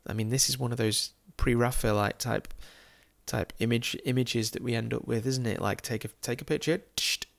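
This English football game YouTuber offers casual, amused commentary over a virtual street tour of a city, laughing often and tossing in jokey asides. His medium-pitched voice is gravelly, with fairly even intonation and a moderate pace.

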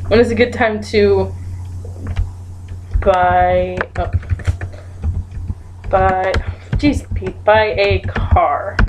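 A woman's voice: mid-range voice, fairly even intonation, very slow, pauses often, noisy background. A woman casually commenting as she plays a guessing game, giggling and thinking aloud while she types her guesses. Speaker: gaming YouTuber.

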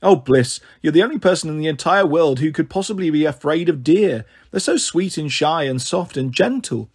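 In a read-aloud storybook, a man voices a caring, bossy big-sister girl, pitching her higher than the narration. She speaks in a brisk, mothering, animated way, her tone husky and sing-song.

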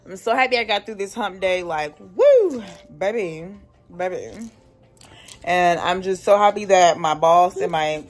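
A woman's voice: on the low side, moderate pace, hardly any pauses. A young woman, a single mom working from home, chatting candidly to her phone camera in a casual vlog, swearing now and then. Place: at home, laundry room and house.

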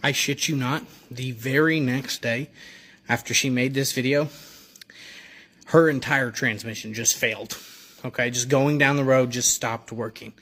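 A man's voice: mid-range voice, steady tone, measured pace, fairly bright tone, breathy edge. A young man telling a comedic story about his wife, playful, laughing and mocking as he goes. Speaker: comedy video creator.

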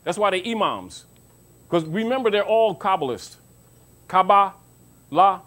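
High-voiced man lecturing, preachy. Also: expressive, a little slow, fairly bright tone. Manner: preachy, rhetorical questions, mocking asides; calls listeners baby. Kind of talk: informal lecture to an audience.

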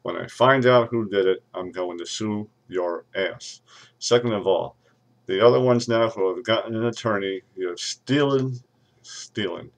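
A man's voice: lowish voice, measured pace, vocal fry. A man playing a pompous, irate lawyer who rants and threatens to sue everyone, recorded on a webcam. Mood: ranting. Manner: ranting, threatening lawsuits, sudden shouts. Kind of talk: comedic webcam character rant.

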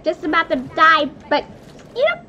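A young woman hosting a casual gaming video, excitable, giggly and nervous as she plays with a friend. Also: very high voice, normal speed, muffled recording, slight background noise. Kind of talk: casual gameplay chat.

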